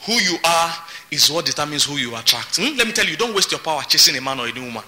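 A man's voice: fairly high pitch, lively intonation, quick pace, sharp tone. A man preaching a sermon as pastor, emphatic and repeating his words. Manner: emphatic, repeats words, laughs between points.

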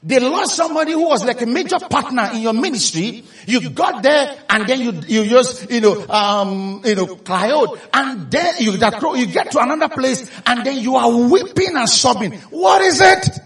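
A Nigerian man preaches with a strikingly high, bouncing voice that climbs into shouts when he drives a point home. He is caught from a distance, and the hall rings with echo around him. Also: normal speed, hardly any pauses. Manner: animated storytelling, rising to shouts for emphasis. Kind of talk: sermon.

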